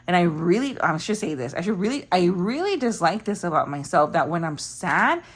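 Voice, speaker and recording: A woman's voice: lowish voice, very animated, a little fast, husky. A young woman telling a story in casual, rambling chat, full of fillers. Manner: chatty, rambling, lots of fillers. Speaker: budgeting vlogger.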